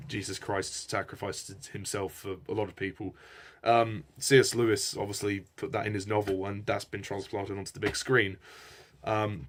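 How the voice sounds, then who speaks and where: A man giving a casual spoken film review. He sounds enthusiastic and hesitant, and rambles. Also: fairly low pitch.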